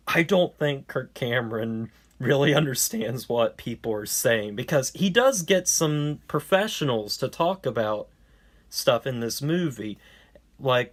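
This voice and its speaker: A man giving a casual, rambling movie review, wry and sarcastic, with many fillers and restarts. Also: mid-range voice.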